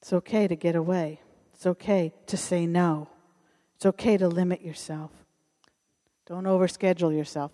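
A woman's voice: lowish voice, steady tone, normal speed, pauses often, dark tone. A middle-aged woman giving a sermon with a personal testimony, telling the story earnestly and acting out the voices of the people she quotes. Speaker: speaker at a church service. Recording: long hall reverb.

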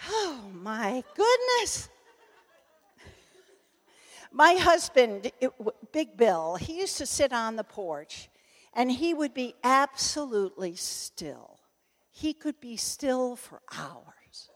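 An older woman spins a funny personal story for an audience, her voice swooping up and down with real liveliness. She talks slowly and laughs as she goes, and her voice rings out across a reverberant hall. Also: fairly high pitch. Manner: animated, laughing, self-interrupting. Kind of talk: humorous personal anecdote. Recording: echoey hall.

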